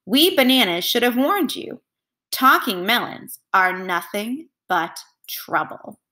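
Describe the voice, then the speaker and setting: A woman's voice: a little high, very animated, takes it slowly, pushed and bright, exaggerated voice. A woman voicing a sly, mischievous male spider trickster who mocks the others. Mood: mocking. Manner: teasing, mocking.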